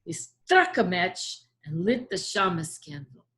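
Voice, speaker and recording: A woman, a children's librarian, reading a storybook aloud in an expressive way. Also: on the low side, measured pace.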